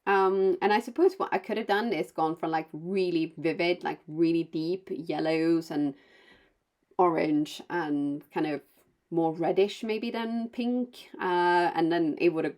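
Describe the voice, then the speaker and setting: Woman crafter, not a native English speaker, low-ish voice, chatty voice-over full of fillers and asides. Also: a little slow, a little mellow. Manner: chatty and rambling, with many fillers and self-corrections; bubbly, with playful asides. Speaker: card-making vlogger. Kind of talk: casual voice-over narration of a crafting video.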